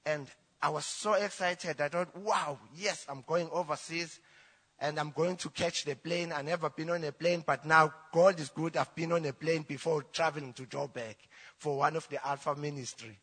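South african guy, zulu first language, high sharp voice, telling his church testimony in choppy english. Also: steady tone, breathy edge. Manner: storytelling, halting English with restarts. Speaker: church member giving testimony. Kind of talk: personal testimony. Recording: reverberant church hall.

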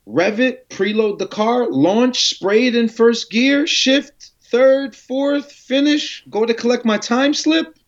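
A man telling a long story in a casual interview, acting out conversations with slang and swearing. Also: high-pitched. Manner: animated, acts out dialogue with slang and swearing. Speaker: guest telling his story. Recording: muffled lo-fi audio.

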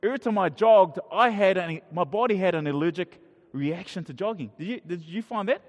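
A man's voice: high-pitched, brisk. A middle-aged man preaching a casual sermon to a congregation, talking conversationally with many restarts and questions to the audience. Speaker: pastor. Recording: long hall reverb.

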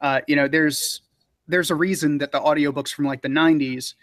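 A man's voice: on the high side, a little fast, no echo. Chatty male audiobook narrator, dry sound. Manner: relaxed, rambling, frequent fillers and laughs. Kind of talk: casual interview talk.

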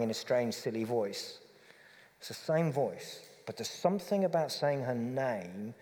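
A man preaching a reflective, conversational sermon that softens to a gentle hush. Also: mid-range voice, expressive, moderate pace, big-room sound.

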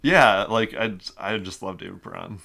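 A man's voice: fairly low pitch, normal speed, vocal fry, pushed and bright. A man co-hosting a casual sports podcast, talking as an eager fan with lots of fillers. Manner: enthusiastic fan, rambling with many fillers. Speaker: co-host.

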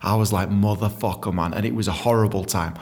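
A man's voice: fairly low pitch, fast talker, creaky. An English man reads his own memoir and breaks into crude, joking asides that are full of swearing. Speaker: author reading his book.

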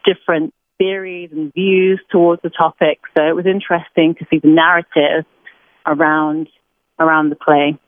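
British woman guest, thirties, animated storyteller, slightly low voice, tinny phone line, dry sound. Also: normal speed, dry recording. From Britain. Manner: chatty, animated storytelling with laughs. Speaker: podcast guest. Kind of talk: casual interview chat.

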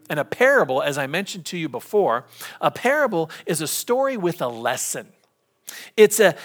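A middle-aged man preaching a sermon as pastor, conversational and storytelling, slipping into lively impressions. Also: a little high.

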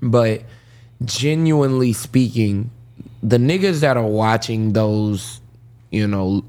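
A man co-hosting a podcast in casual chat, slow and thoughtful, laughing easily, with hiccups. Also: lowish voice, darkish tone. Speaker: podcast co-host.

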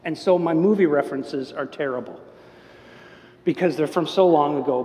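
Animated high-voiced man preaching. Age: older. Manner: animated storytelling, acts out quotes. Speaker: pastor. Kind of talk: sermon. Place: church sanctuary. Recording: long church reverb.

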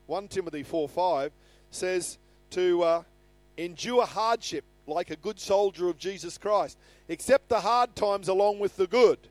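A man's voice: sits high, darkish tone, dry recording. An older man preaching a sermon in an earnest manner, reading scripture aloud with rising emphasis. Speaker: pastor. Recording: faint music behind.

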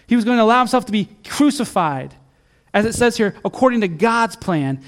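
High-voiced earnest man preaching. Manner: earnest, builds to emphatic peaks then drops soft and low. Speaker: pastor. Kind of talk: sermon. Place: church.

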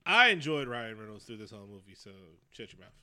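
A man co-hosting a podcast, talking casually and profanely about a movie, animated and laughing often. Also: medium pitch, quick pace, smooth. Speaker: podcast co-host. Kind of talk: casual movie review chat.

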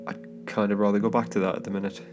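An Englishman with a fairly low, fairly monotone voice talks fast as he hosts a solo podcast, rambling casually through a travel story full of fillers, restarts and chuckling asides. He records on a home microphone, with soft guitar music bedded beneath his voice.

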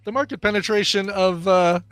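A man's voice: high-pitched, fairly even intonation, fairly quick, a bit bright, no echo. A man co-hosting a podcast, reading listener questions and adding dry jokes in casual chat. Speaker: podcast co-host.

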